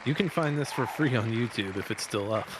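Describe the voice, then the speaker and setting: A man's voice: mid-range voice, brisk, crowd noise, background noise. A man co-hosting a podcast in casual chat who banters in a playful, mock-confused way. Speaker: podcast co-host.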